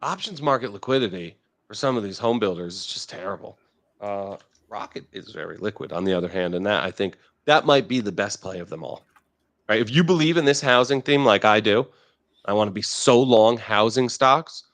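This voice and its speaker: A man hosting a live stock market show, talking in brash, profane, excitable trader banter. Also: on the low side, fairly quick, no room sound. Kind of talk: casual market chat.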